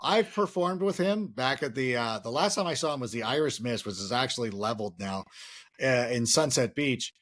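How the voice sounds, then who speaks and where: A man guesting on a podcast, chatting casually and telling long rambling comic stories with quick voice shifts. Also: medium pitch, expressive, a bit bright.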